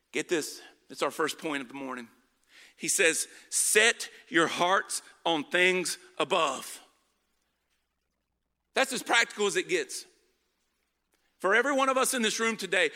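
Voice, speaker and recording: A man delivers a sermon with an emphatic, urging manner, pressing the congregation for answers. His voice sits high and sounds very bright and sharp. It rings out with a long reverb from a large hall. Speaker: pastor.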